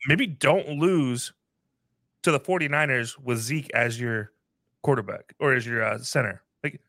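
A man's voice: mid-range voice, unhurried, sharp tone, dry recording, clean studio sound. A man co-hosting a sports podcast, giving emphatic and opinionated takes in casual talk.

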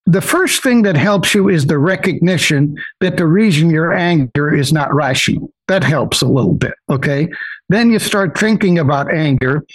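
An older man telling personal stories as a guest in an interview, animated and often acting out the voices of others. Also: a little high, normal speed, no echo, poor audio. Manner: animated, acts out quoted voices, many restarts. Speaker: guest investor. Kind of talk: personal storytelling in a podcast interview.

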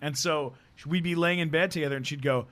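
A comedian telling a story on a podcast, animated and full of fillers and restarts. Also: male voice, fairly high pitch, a little fast. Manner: animated, stop-start storytelling with many fillers. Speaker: guest comedian.

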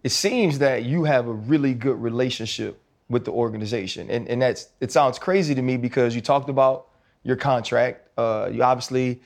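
A man's voice: medium pitch, moderate pace. A man hosting a podcast, asking long, rambling interview questions with restarts. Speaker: podcast host.

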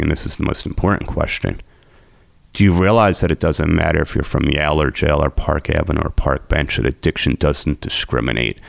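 A man's voice: extremely low pitch, creaky, no room sound. A man, a podcast guest, telling his recovery story in an emotional, intense way.

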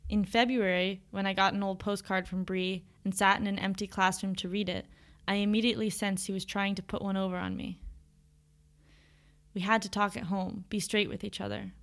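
A woman reading a first-person story aloud in a measured, reflective audiobook narration. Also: medium pitch, level tone.

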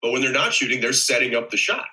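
A man's voice: mid-range voice, lively intonation, fast, pushed and bright, low-quality recording. A man, an actor as interview guest, explaining things in long rambling stretches with wry humor. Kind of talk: casual chat.

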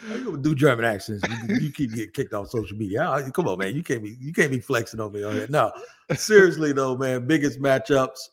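A man hosting a casual sports podcast, talking in an animated, jokey, rambling way. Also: medium pitch, fairly quick, slightly rough. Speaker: podcast host.

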